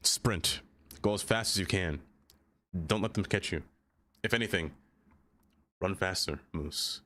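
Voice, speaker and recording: A man's voice: low-pitched, measured pace. A man live-streaming a city-building game, chatting playfully with viewers, greeting them by name and laughing often. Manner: playful, easily excited. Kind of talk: casual live-stream chat.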